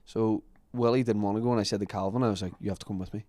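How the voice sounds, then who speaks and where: A man co-hosting a podcast, telling stories in an animated way during casual chat. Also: on the low side, very fast, no room sound. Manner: storytelling, animated retelling. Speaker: podcast co-host.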